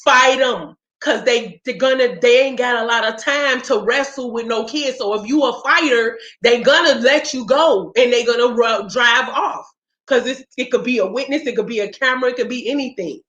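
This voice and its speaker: A woman's voice: a little high, normal speed, fairly bright tone. A woman hosting a casual chat, telling stories in a blunt, profane, fired-up way. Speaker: podcast host. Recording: roomy, dull lo-fi sound.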